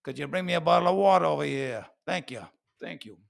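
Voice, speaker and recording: A man's voice: on the high side, lively intonation, fast talker, gravelly. A man voicing a brash New Yorker guy who keeps asking for a bottle of water.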